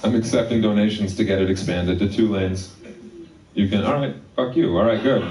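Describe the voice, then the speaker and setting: A provocative male comedian needles the audience in a low voice. The sound is roomy and distant, as if from across a club. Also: a little fast. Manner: provocative, teasing the crowd. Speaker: stand-up comedian. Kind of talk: stand-up comedy set.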